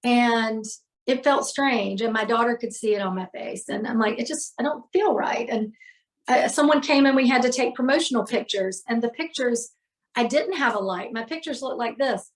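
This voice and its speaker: A podcast guest, a middle-aged healer, describes a painful day in her life with frank emotion and frequent fillers. Her voice sits on the high side, and she talks at a moderate pace.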